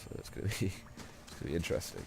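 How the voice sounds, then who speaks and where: A man's voice: fast, noisy background. A young man with a stuffy, nasal voice from a cold, casually commenting on a game as he plays, rambling and swearing now and then. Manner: rambling, jokey, swears freely. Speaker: let's play host.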